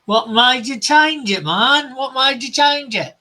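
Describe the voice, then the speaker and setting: A man's voice: extremely high pitch, animated, measured pace, sharp tone. A man streaming live as he draws a comic, chatting casually and reading out viewer comments. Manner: chatty, reads out viewer comments and chuckles often. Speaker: comic artist streaming while drawing. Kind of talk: casual livestream chat.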